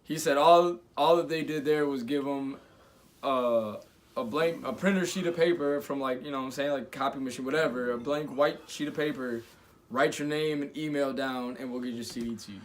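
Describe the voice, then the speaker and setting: A man's voice: medium pitch, fairly even intonation, normal speed. Chill guy cohost, swears a bit, mid voice, agrees a lot. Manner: laid-back, agreeing, profane. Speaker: webshow co-host. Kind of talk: casual chat.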